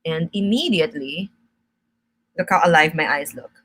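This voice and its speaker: Bright-voiced woman. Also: low-pitched, normal speed, husky. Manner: chatty, instructive, answers viewer comments. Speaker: makeup brand host. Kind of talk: live-stream makeup tutorial.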